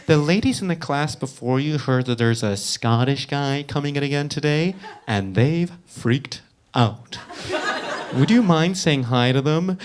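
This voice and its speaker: A man's voice: fairly high pitch, a little slow, slight background noise, close to an everyday voice. Man doing a bubbly eager receptionist lady. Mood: chirpy. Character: chirpy American woman receptionist, eager.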